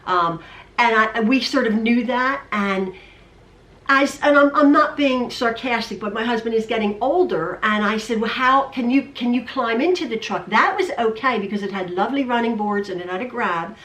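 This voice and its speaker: A woman's voice: a little high, normal speed, a bit bright, distant mic. Chatty rambling woman, roomy off-mic. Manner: rambling, repeats herself, stammers. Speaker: quilting vlogger. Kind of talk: casual chat. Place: home sewing room.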